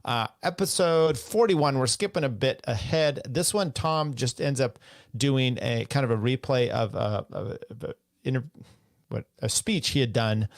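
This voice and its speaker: A man with a gravelly voice talks loosely between clips, rambling and circling back. The sound is dry and close to the mic. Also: mid-range voice, normal speed, no echo. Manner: loose, rambling, many uh fillers. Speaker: podcast host. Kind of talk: casual podcast commentary between clips.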